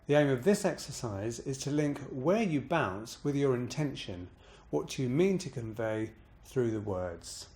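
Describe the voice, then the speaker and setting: A man coaching voice exercises, calmly explaining each step and demonstrating pitch bounces on words. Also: measured pace, few pauses. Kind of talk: instructional voice exercise demo.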